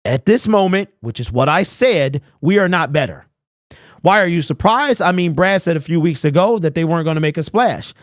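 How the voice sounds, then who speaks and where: A man's voice: on the high side, expressive, moderate pace, no room sound, studio quality. A young man hosting a live sports talk stream, ranting bluntly, reading chat messages aloud and firing off rhetorical questions. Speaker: host.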